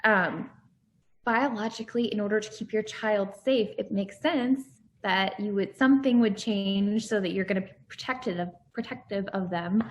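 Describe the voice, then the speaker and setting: A woman's voice: mid-range voice, normal speed. A woman in her thirties, a former healthcare worker and podcast guest, talking candidly in casual chat and laughing often.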